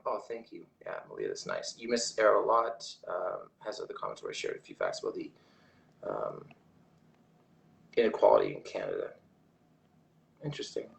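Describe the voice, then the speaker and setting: Here a man's gravelly, medium-pitched voice, fairly bright in tone, echoes in a reverberant space. Hosting a laid-back livestream, he reads out viewer comments in a rambling way, frequently starting over.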